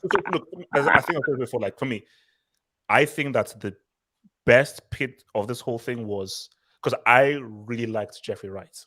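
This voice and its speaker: Male host, mid-pitched, opinionated, rambling film talk. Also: moderate pace, bright, forceful tone. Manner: opinionated, talks in long run-on thoughts. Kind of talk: casual film review chat.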